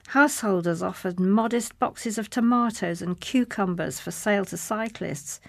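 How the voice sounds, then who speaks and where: A woman's voice: mid-range voice, no echo. A woman reading a humorous personal essay aloud in a wry, self-mocking manner. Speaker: essay reader.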